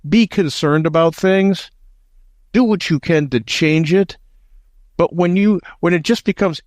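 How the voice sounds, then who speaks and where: A man's voice: high-pitched, measured pace, darkish tone, dry recording, studio quality. An American man hosting political talk radio, emphatic and indignant, often repeating words as he builds a point. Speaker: radio talk show host.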